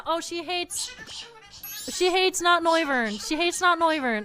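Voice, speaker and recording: A woman streamer chatting casually with her viewers while playing games, excitable and quick to laugh. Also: very high-pitched, faint music behind. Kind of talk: casual live-stream chat while gaming.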